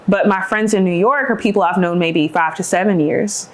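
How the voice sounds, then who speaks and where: A woman's voice: medium pitch, normal speed. A woman in her thirties, a podcast guest talking earnestly and reflectively with her sister, with many fillers and restarts. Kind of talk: casual chat.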